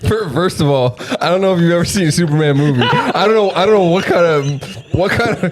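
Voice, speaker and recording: A man's voice: fairly high pitch, quick pace. A young man co-hosting a podcast, debating and joking in casual chat. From Canada. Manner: argumentative, questioning, joking. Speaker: podcast co-host.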